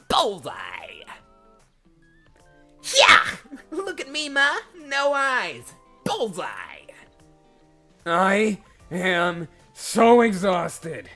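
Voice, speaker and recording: A voice actor playing an immature, goofy young man from a game who loves showing off, loud and whiny. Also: mid-range voice, gravelly, exaggerated voice.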